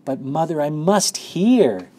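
A man's voice: medium pitch, lively intonation, normal speed, dark tone, husky, voice pushed up. A man voicing a curious, eager small boy in a storybook reading, asking breathless questions. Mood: hesitant. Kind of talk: storybook read-aloud.

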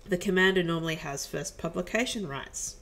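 A woman's voice: on the low side, brisk, a bit bright. A woman reading the lines of a stiff, formal spaceship commander.

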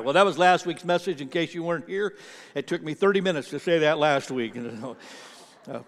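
A man's voice: high voice, fairly bright tone. Guy preaching in church, talks like a conversation, repeats himself, big echoey sanctuary. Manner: conversational, repeats words, rises and falls in emphasis. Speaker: pastor. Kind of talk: sermon.

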